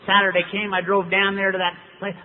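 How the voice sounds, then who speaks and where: A man's voice: high-pitched, monotone, a little fast. A man from Dallas, Texas, telling his story to an audience in a folksy, wry manner, acting out the dialogue as he goes. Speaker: recovery speaker. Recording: tinny lo-fi hall recording.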